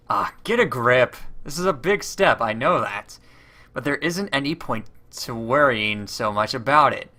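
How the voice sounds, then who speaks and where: A man's voice: medium pitch, sharp tone. A man reading a visual novel aloud with chatty asides, often stumbling and restarting on words. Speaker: let's player.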